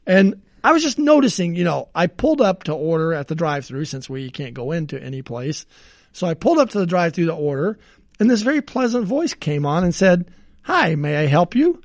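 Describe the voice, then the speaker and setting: A man with a high, gravelly voice co-hosts a podcast and tells rambling everyday stories with frequent chuckles. His sound is close and dry, with no room around it. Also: expressive, a little fast, a little mellow, no echo. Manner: rambling storyteller, chuckles often. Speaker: podcast co-host. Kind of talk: casual podcast chat.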